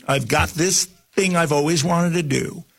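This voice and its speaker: Gravelly older man telling a story. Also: fairly high pitch, measured pace. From New Jersey. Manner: animated, rambling with restarts and asides. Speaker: guest. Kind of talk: casual storytelling on a talk show.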